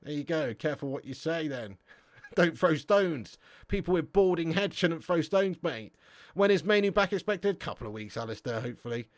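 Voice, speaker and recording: A man's voice: fairly high pitch, lively intonation, normal speed, no echo. A young English man hosting a football live stream, reading chat messages and bantering with viewers in a slangy, swearing, laugh-filled way. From England.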